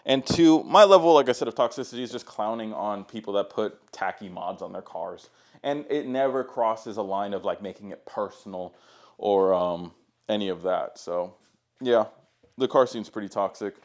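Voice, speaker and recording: A man's voice: fairly low pitch, normal speed, darkish tone. A young man, a car content creator, telling stories to camera in a casual, rambling, profane way. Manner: profane, laid-back, rambling.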